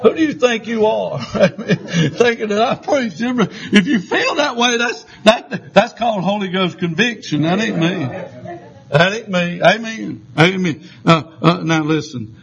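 A man preaching a sermon as pastor, fiery and shouting, trading call-and-response with the congregation and chuckling at his own lines. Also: high voice, animated, a little slow, gravelly, muffled recording. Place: church sanctuary.

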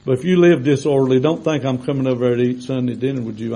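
A man preaching a sermon to his congregation in a folksy, conversational way, swelling to loud, drawn-out emphasis when he reads scripture. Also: medium pitch, fairly even intonation, gravelly, poor audio. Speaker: pastor. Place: church sanctuary with congregation.

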